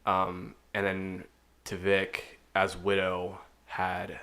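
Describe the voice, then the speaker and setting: A man hosting a casual esports chat, relaxed and chatty with lots of fillers. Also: sits low, extremely slow. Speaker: podcast host.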